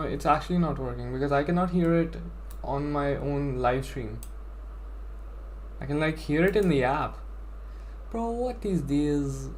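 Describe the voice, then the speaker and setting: A man's voice: on the high side, a little mellow, slight background noise. Rambling young male streamer. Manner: chatty, rambling, self-deprecating, says "bro" and "like". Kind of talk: casual live stream chat.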